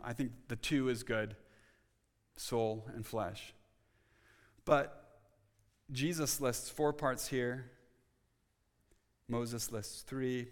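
Earnest male preacher in an echoing hall. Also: medium pitch. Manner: earnest, restarts often, rising to emphatic. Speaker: pastor. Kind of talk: sermon. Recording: long reverb of a church hall.

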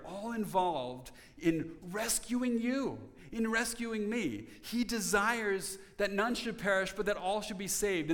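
A man preaching a sermon as pastor, earnest, dropping to soft tones for emphasis. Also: high voice, in a large hall.

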